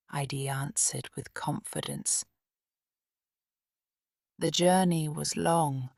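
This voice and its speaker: A woman narrating a storybook audiobook slowly and softly, often in a near whisper. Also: deep voice, creaky, no echo, clean studio sound. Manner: slow, soft, often whispered.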